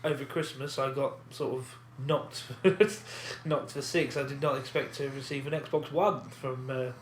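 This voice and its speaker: A man co-hosting a podcast, chatting casually, animated and rambling with fillers and frequent laughs. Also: mid-range voice, unhurried, crowd noise. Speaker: podcast co-host. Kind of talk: casual chat. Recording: echoey room, faint background noise.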